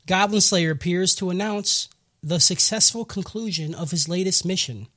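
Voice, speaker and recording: A man's voice: high voice, normal speed, bright, forceful tone. A man hosting an anime podcast, recapping episodes in crude, joking casual chat. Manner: crude, laughing, does mocking character voices while recapping. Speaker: podcast host.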